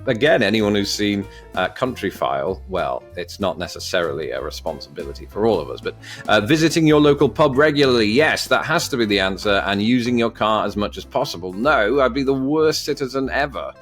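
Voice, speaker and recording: Wry man, lowish voice. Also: lively intonation, brisk, soft background music. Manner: wry, joking asides while reading questions aloud. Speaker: vlogger. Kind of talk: casual commentary while taking an online quiz.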